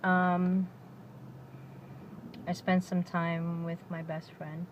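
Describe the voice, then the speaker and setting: A woman with a slightly low voice records a heartfelt personal video diary. She is fighting back tears as she talks. The audio is dull and lo-fi, with loud vehicle noise behind her. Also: completely flat delivery, drawn-out words. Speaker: vlogger.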